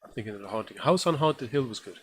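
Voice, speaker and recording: A man co-hosting a horror podcast in casual chat, trading dry, deadpan quips. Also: mid-range voice, fast talker, slight background noise. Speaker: podcast co-host, film reviewer.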